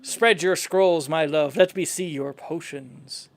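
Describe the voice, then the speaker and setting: A man's voice: a little high, slow. A man casually playing through a story game, playfully reading every character's dialogue aloud in his own voice. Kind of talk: casual game playthrough commentary.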